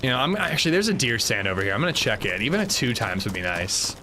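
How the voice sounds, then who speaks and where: Background noise accompanies this young male livestreamer, whose mid-range voice moves at a quick pace. Playing a game, he tells his chat an animated story, laughs along, and reads messages out.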